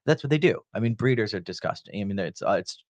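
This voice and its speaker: A man's voice: lowish voice, fast. A man chatting casually on a podcast, telling a long personal story and acting out the people in it. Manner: animated storyteller, acts out quoted voices.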